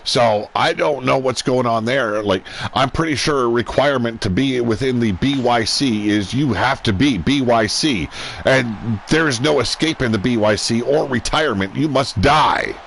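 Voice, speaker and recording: A man's voice: medium pitch, moderate pace, gravelly, a bit bright, a little hiss or hum. A man giving casual, profane play-by-play commentary on a wrestling video game, joking and irreverent. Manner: crude, irreverent, joking banter.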